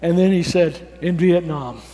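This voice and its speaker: A man preaching a sermon, telling a story with lively acted-out dialogue and small chuckles. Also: fairly high pitch, a little slow, big-room sound.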